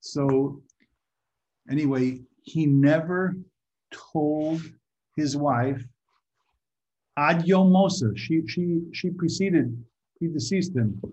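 A man giving an informal Torah talk to a group, halting and repeating his words, sometimes asking the audience questions. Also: on the high side, darkish tone. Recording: muffled lo-fi recording.

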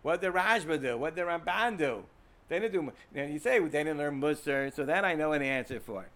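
A man with an American accent teaching a class in a relaxed, meandering way. He repeats himself, restarts sentences and keeps turning to his students with questions. His speaking voice sits slightly high for a man. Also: brisk. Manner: rambling, repeats words, asks students questions. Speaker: Torah teacher. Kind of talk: informal classroom lecture.

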